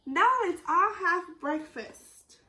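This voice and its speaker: Lady putting on a feisty old granny from a storybook, loud and bossy, real high bright voice. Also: takes it slowly, heavily acted. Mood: cheerful. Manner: loud commanding yells. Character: feisty old grandmother defending her granddaughter.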